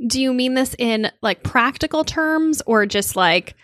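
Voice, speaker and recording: A woman's voice: high voice, animated, measured pace, a bit bright, no echo, studio quality. A woman co-hosting a podcast in casual chat, wry and thinking aloud with plenty of fillers. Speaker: podcast co-host.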